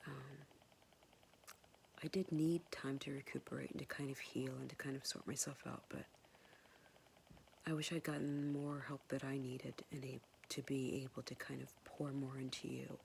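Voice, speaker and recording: A woman whispering a soft, hesitant, tender and apologetic personal message to her son, pausing often. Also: very deep voice, flat delivery, vocal fry, slight background noise. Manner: soft and hesitant, many pauses and fillers. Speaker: mother speaking to her son.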